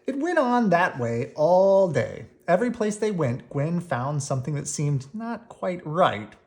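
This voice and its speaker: A reader narrating a children's mystery book as a bedtime read-aloud, expressive and pausing to show pictures. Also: mid-range voice.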